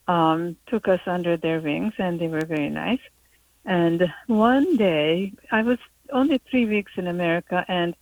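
A woman's voice: fairly low pitch, no echo, low-quality recording. Woman calling in. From Hungary. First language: Hungarian. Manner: hesitant, with many fillers. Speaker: caller. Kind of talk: call-in storytelling. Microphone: telephone call.

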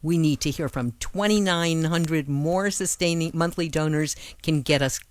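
A woman's voice: sits low, normal speed, no echo. A female radio host making an upbeat, chatty pledge drive appeal from a studio mic.

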